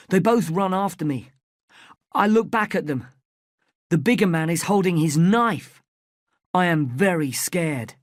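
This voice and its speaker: Brief: storybook narrator for language learners, very slow, clear, dry close sound. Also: medium pitch, expressive, no echo. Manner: slow, clear, simple delivery.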